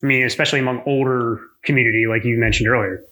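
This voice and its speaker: A man's voice: medium pitch, steady tone, very fast, sharp tone, poor audio. A man hosting a casual conversation, pressing his guest with follow-up questions.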